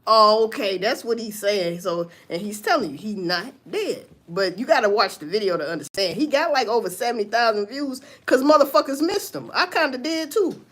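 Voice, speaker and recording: Animated woman gossiping on a livestream. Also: fairly high pitch, moderate pace, hardly any pauses. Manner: profane, animated gossip with mocking asides. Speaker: livestream host. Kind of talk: casual livestream commentary.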